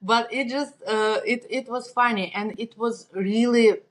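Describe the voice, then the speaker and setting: A woman's voice: on the high side, measured pace. A woman from Russia, a native Russian speaker with a Russian accent, chatting as a podcast guest, laughing often and restarting her sentences. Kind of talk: casual interview chat.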